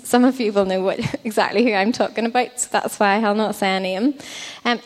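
A woman preaching a sermon in a conversational way, with frequent ums and likes. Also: medium pitch. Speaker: children's ministry leader preaching. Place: church hall. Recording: long church hall reverb.

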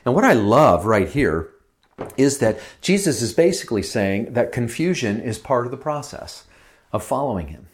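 A man's voice: medium pitch, sing-song, normal speed, slight background noise. A man giving a sermon as a guest speaker, reflective and lingering on phrases with small asides.

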